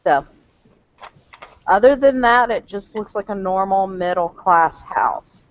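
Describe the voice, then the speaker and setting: A woman's voice: mid-range voice, animated, slow pace, highs cut off. A woman player in a tabletop role-playing game, explaining things casually.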